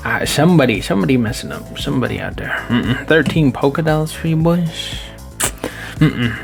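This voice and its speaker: A man with a gravelly, creaky voice jokes his way through card reviews in a loose, playful way. He keeps calling his viewers boys. Faint music sits under his voice. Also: mid-range voice, lively intonation, a little fast. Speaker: card collecting video host. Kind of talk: casual joking card review commentary.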